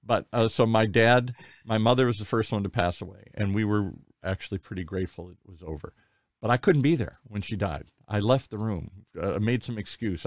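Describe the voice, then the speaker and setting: A man in his sixties hosting an interview, telling personal stories in a candid, rambling, animated way. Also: fairly low pitch, normal speed, dry recording, clean studio sound. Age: 60s. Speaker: podcast host. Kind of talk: conversational interview.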